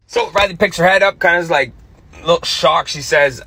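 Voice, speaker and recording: A man, a parent, telling a casual story in a lively, self-mocking way. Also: on the high side, fairly quick.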